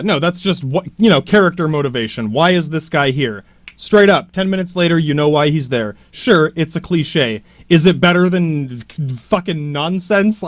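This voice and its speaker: A young man with a high-set voice rambles through a movie commentary, swearing often and tripping into restarts and side jokes. The sound is dry and close, with no room around it. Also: no room sound. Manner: profane, meandering, many restarts and asides. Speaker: podcast host.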